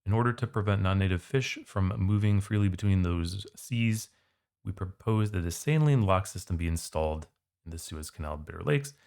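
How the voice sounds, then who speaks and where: A man's voice: sits low, normal speed, gravelly, a little mellow. A man tutoring for the SAT, walking through test questions in a casual, conversational way. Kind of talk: test prep walkthrough.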